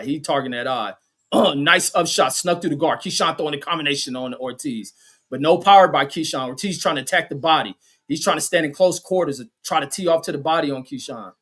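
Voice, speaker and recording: A man doing casual, crude play-by-play commentary on a boxing livestream. He reads chat comments aloud, stumbles over "says" and "uh" fillers, and yells when punches land. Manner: shouts and jumps high in pitch at big punches and knockdowns.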